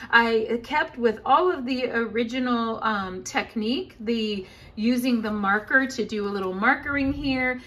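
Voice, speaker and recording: A woman's voice: fairly high pitch, fairly bright tone. A woman giving a casual crafting tutorial, talking in a chatty, upbeat way with frequent fillers. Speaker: scrapbooking demonstrator.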